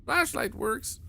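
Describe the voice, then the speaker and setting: A native Swedish speaker from the north talks in English with a clear Swedish accent as he streams a game. His voice is bright and bouncy, with pitch that swings up and down as he chats and laughs with his viewers. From northern Sweden. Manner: chatty, answers chat, laughs often. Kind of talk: casual live-stream commentary.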